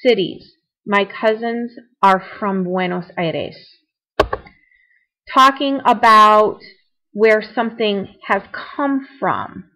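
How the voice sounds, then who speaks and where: A woman's voice: medium pitch, slow pace, sharp tone, rough recording. A young adult woman teaching a recorded Spanish grammar lesson, explaining points conversationally with repetition and small asides. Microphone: computer mic for screencast.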